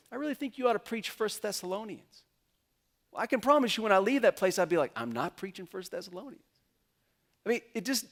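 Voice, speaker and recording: A man preaching a sermon as pastor, retelling a story and acting out the characters' lines in quick quotes. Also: high voice, a bit bright.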